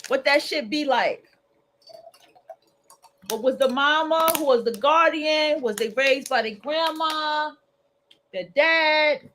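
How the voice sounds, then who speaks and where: Woman livestream host, aave, chatty and animated, slightly high voice. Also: slow, pauses often, slight background noise. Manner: colloquial, animated, acts out quoted voices. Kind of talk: casual freestyle monologue.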